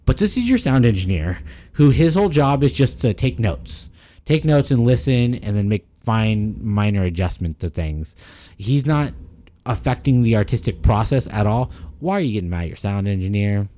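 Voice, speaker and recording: A man with a lowish, mellow voice talks loosely on a podcast, rambling and cursing freely. The sound is dry and close, with no room around him. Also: normal speed, dry recording. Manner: rambling, profane, animated when ranting. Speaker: podcast co-host. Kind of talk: casual chat.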